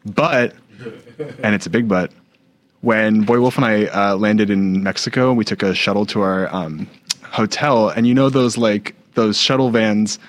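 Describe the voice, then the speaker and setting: A man co-hosting a podcast, chatting casually with playful quips and a rambling personal story. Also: fairly low pitch. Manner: quick playful reactions and rambling anecdotes. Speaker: podcast co-host. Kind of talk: casual chat.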